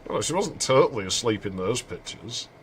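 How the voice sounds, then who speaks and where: A man's voice: medium pitch, slight background noise. A man giving joking, rambling commentary while playing a game. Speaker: streamer. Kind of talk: casual gameplay commentary.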